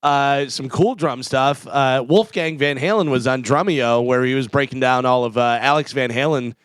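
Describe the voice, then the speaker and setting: A man's voice: medium pitch, moderate pace, clear, resonant tone, no echo. A man co-hosting a morning radio show, chatty, telling stories about musicians. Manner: chatty storyteller who acts out quotes. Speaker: radio co-host. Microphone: studio microphone.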